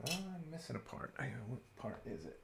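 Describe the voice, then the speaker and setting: A man's voice: mid-range voice, brisk, vocal fry, noisy background. A man chatting casually and thinking aloud while he builds a model kit on a live stream. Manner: relaxed, rambling, thinking aloud.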